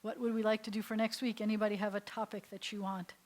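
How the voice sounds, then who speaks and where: A woman rabbi leads a calm class on prayer, her voice sitting at an ordinary middle pitch. She chants Hebrew phrases slowly and then explains each one gently, now and then dropping to a soft near-whisper. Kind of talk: adult education class on prayer.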